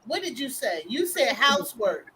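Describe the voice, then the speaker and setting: A woman's voice: fairly high pitch, big pitch swings, moderate pace, pushed and bright, husky, poor audio. A woman hosting a live online game show chat, laughing through her stories. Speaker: host.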